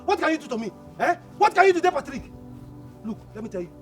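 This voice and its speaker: An actor with a Nigerian accent playing an angry, grieving younger brother who shouts, stammers and keeps repeating himself. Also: male voice, very high-pitched, very animated, quick pace, faint music behind. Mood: raging. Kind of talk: Nollywood film acting.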